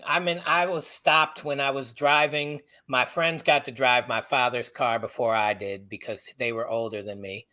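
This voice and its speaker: A middle-aged man, an author from the United States, guest on a podcast, telling personal stories in an animated, halting way. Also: on the high side. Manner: animated, halting, acts out others' voices. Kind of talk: personal storytelling in a podcast interview.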